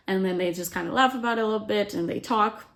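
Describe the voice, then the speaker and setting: A woman's voice: mid-range voice, fast, a bit bright. A woman casually retelling a novel's plot as a book summary host, chatty and full of "like" fillers, briefly acting out what the characters say. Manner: chatty, frequent "like" fillers, acts out quotes.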